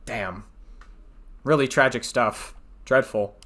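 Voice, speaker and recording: A man with a bright, forceful voice and a middle pitch rambles through online drama commentary. He swears freely, trails off into fillers, and laughs at his own jokes. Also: takes it slowly, slight background noise. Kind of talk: casual commentary.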